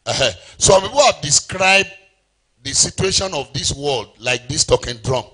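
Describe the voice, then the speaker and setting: A man's voice: fairly high pitch, expressive, normal speed, pushed and bright. A middle-aged Nigerian man preaching a sermon as pastor, calling out to the congregation and singing out phrases. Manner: call-and-response preaching, sings phrases.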